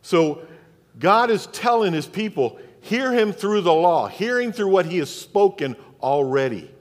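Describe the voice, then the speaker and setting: Southern male pastor, emphatic repeating sermon style, slightly high-pitched, recorded in an echoing sanctuary. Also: big pitch swings, unhurried. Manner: preaching with rhetorical questions and emphatic repetition. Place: church sanctuary. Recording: long reverb of a church hall.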